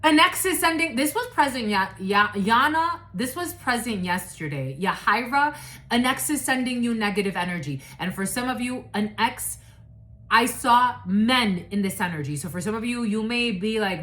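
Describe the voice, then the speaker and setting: A woman's voice: on the high side, expressive, moderate pace, fairly bright tone. A woman giving a casual spiritual reading, blunt and profane, who rambles, restarts and laughs often. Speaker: psychic reader.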